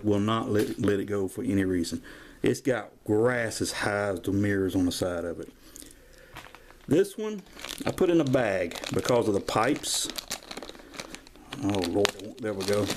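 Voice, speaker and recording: A man in his 50s from Georgia, US, speaks in a low-ish, darkish voice while filming toys at home for a show-and-tell collector vlog. His talk is folksy, rambling, and prone to wandering into stories, captured on a chatty camera mic with slight background noise.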